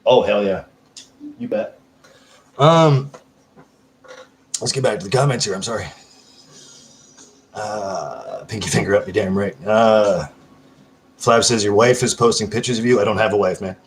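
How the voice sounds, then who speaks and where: A man's voice: on the low side, animated, a little slow, pauses often, slight background noise, rough recording. A man casually hosting a livestream, rambling and swearing while he reads viewer comments aloud. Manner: rambling, profane, hyper. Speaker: livestream host.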